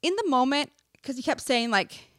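Animated young woman, dry close mic. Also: high voice, moderate pace, no echo. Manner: animated, filler-heavy with constant "like", swears freely. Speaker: podcast co-host. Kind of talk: casual chat, telling a story.

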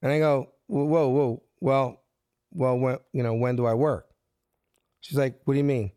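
A middle-aged man from South Philadelphia with a Philadelphia accent, telling his story with lively acted-out quotes. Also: clean tone, dry recording, clean studio sound. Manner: acts out quotes with shifting pitch, lively and fast. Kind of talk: animated storytelling.

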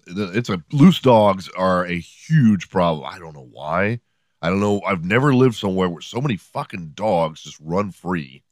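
Middle-aged male podcast host, low voice, dry close sound, sarcastic profane storyteller. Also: dry recording. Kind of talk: casual comedic monologue. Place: home room.

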